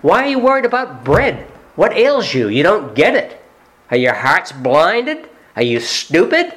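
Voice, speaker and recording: A man preaching, voicing an exasperated adult male teacher who rebukes his followers with loud, rising questions. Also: fairly high pitch, wildly swooping pitch, measured pace, pitched above the performer's own voice, full character voice, poor audio. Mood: angry rebuke.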